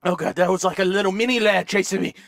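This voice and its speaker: A man's voice: high-pitched, steady tone, quick pace, creaky, fairly bright tone, dry recording, clean studio sound. A man commentating a horror game, panicky and joking, yelping and screaming when scared. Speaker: let's play gamer.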